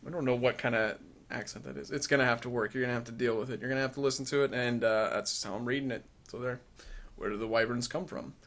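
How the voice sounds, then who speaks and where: A man's voice: mid-range voice, fairly even intonation, very fast, a bit bright. A man casually commenting while playing a retro game, wry and self-deprecating. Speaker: let's play host.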